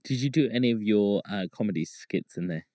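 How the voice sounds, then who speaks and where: Easygoing low-voiced podcast host. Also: male voice, animated, fairly quick, dark tone, dry recording, studio quality. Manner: easygoing, enthusiastic questioner. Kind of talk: casual podcast chat.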